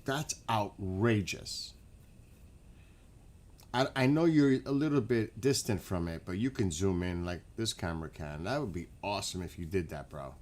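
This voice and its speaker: A man hosting a casual livestream, chatting with viewers by name and getting excited as he asks them questions. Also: deep voice, moderate pace. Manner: chatty, talks to chat by name, gets excited and laughs. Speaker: livestream host.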